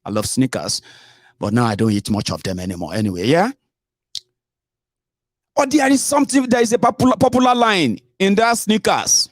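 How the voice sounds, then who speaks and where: A Nigerian man with a Yoruba accent hosting an online radio show, giving animated political commentary mixed with Pidgin. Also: high voice, moderate pace, long pauses, no echo, studio quality. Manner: animated, mixing Pidgin and Yoruba, stretching words for emphasis.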